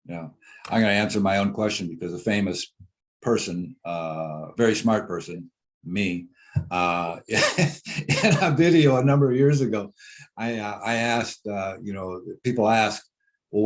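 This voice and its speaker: A man hosting an interview podcast, talking in a relaxed way, laughing easily and using many fillers. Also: fairly low pitch, unhurried. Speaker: podcast host. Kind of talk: casual interview.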